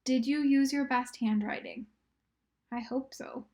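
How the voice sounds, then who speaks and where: This woman's voice sits high, with a steady, somewhat dark tone, as she teaches a recorded reading and writing lesson to small children. She's encouraging and patient, sounding out words slowly and now and then whispering.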